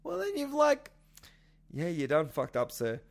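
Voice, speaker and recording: A high-pitched man riffs in loose, profane sports banter, jumping between mumbled asides and sudden loud outbursts. He sounds like a podcast co-host ranting with a mate. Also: measured pace, gravelly. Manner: excitable, swearing, bursts into shouts. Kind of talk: casual sports chat.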